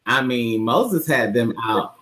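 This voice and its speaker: A man co-hosting a live talk show, joking about church and doing high mock voices of old church folks. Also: slow. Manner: animated, mimics church folks in high squeaky voices, stammering bits. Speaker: co-host. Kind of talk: comedic church-humor banter.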